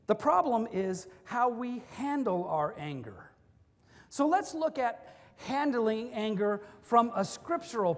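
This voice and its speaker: A pastor giving a sermon in a conversational way, mixing in humorous stories. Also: mid-range voice. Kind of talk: sermon with storytelling. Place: church. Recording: long reverb of a church hall.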